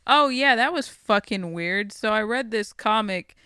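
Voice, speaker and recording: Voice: medium pitch, a little slow, clear, resonant tone, dry recording, studio quality. Young adult telling stories with laughs. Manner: animated storyteller, laughs often, swears freely. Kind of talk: casual podcast chat.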